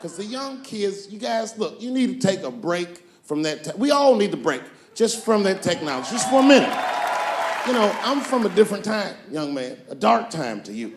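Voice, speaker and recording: A middle-aged man doing profane, animated stand-up storytelling on stage before a live audience. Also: high-pitched, normal speed, a faint crowd, a little hiss or hum. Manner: animated, profane, acts out voices. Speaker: stand-up comedian. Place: comedy stage before a crowd. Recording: live club set with loud audience.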